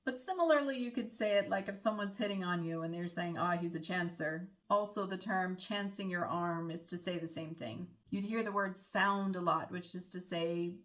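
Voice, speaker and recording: A woman's voice: medium pitch, normal speed, hardly any pauses, fairly bright tone. Young American woman, vlogger, friendly, chatty explainer, mid-range voice. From United States. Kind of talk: casual explainer vlog.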